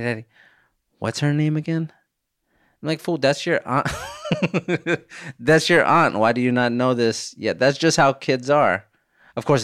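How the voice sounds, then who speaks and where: A man in his thirties chats through listener questions on his podcast, spinning funny family anecdotes with plenty of laughs and the odd curse. His voice sits fairly low and comes across smooth and clear, recorded close and dry with no room sound. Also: no echo. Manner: animated storytelling, swears, laughs often. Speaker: podcast host. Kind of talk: casual podcast chat answering listener voicemails.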